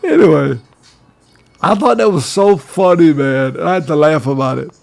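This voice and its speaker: Older male radio host, raspy and fairly high-pitched, preachy monologue style. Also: animated, moderate pace. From Georgia, US. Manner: preachy, advice-giving, addresses listeners as fellas.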